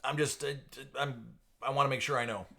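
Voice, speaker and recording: A card-break live streamer hosts a casual session from home, greeting viewers by name and laughing a lot. He speaks a little fast in a mid-range voice that's steady, creaky, bright, and forceful.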